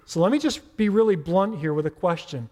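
A man's voice: sits high, expressive, a little fast, darkish tone. A man preaching a sermon as pastor, in a conversational, playful way with asides. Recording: reverberant hall.

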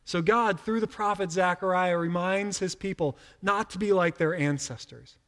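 A middle-aged male pastor delivers a sermon in a loose, conversational manner, stumbling over and repeating words as he starts his thoughts. His voice sits a little high for a man, and a long reverb from the large hall trails after each phrase. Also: normal speed, a bit bright.

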